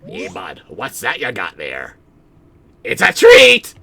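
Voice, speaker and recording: A man's voice: fairly low pitch, sing-song, moderate pace, pushed and bright, no echo, heavily acted. Man doing a folksy Canadian fire dog. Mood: friendly. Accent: put-on Canadian. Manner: folksy, calls listener bud, says eh. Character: friendly laid-back male fire dog creature.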